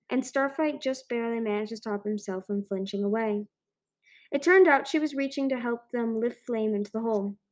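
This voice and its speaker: A woman with a slightly high voice reads a children's fantasy book as an amateur audiobook narrator, often slipping and restarting.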